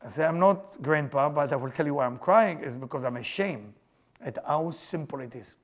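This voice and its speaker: A man's voice: mid-range voice, expressive, a little fast. An older man teaching a Kabbalah class, emphatic, repeating his questions, with non-native English grammar. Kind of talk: spiritual class lecture.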